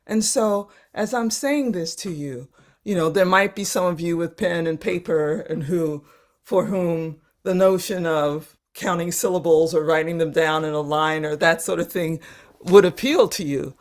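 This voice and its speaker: A woman with a slightly low voice guides participants through a live online workshop. She talks gently and unhurriedly, often restarting and repeating words as she searches for them. Now and then she drops to a soft whisper for emphasis, heard over a video call. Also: a little slow. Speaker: workshop facilitator.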